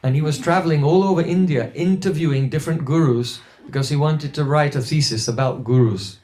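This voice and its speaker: Man, spiritual teacher, mellow and slightly high voice, anecdotal sermon with "hmm?" asides. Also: fairly quick. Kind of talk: storytelling sermon.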